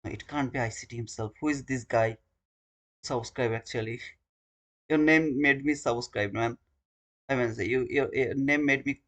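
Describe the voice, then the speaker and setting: Man, trading live-stream host, earnest, informal, medium pitch. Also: moderate pace, fairly bright tone. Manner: earnest, informal, talks straight to viewers.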